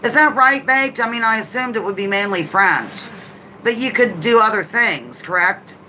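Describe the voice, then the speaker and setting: Bright-voiced woman hosting a live trivia stream. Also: mid-range voice, expressive, slight background noise, poor audio. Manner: chatty, greets viewers by name, reads questions slowly. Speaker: livestream host.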